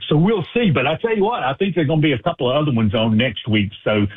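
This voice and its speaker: A man, a guest on a sports radio show, talking casually and haltingly, with many restarts. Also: fairly high pitch, animated, breathy edge. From Alabama. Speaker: guest, sports agent and author. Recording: tinny phone line.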